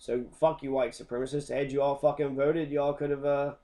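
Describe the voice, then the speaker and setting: A man's voice: mid-range voice, flat delivery, brisk, dark tone. A man teaching a history lesson as an angry, profane rant, swearing constantly.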